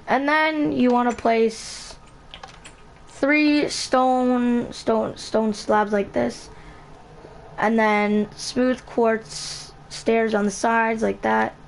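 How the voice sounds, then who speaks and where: A woman hosting a casual game building tutorial, talking in a halting way, correcting herself and repeating item names as she goes. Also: fairly high pitch, steady tone, creaky, slight background noise. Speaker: channel host.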